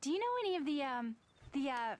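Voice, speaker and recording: A woman voicing a dreamy, hesitant young woman who speaks slowly and softly in an animated film. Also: high-pitched. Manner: slow, soft and hesitant.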